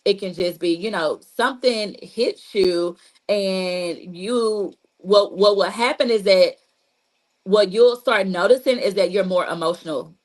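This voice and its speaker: A woman therapist with a mid-range voice speaks a little slowly, giving a casual, repetitive teaching talk on trauma healing. She addresses listeners directly and leans on "you know" and "like." She's an adult with a child, and the recording quality is low.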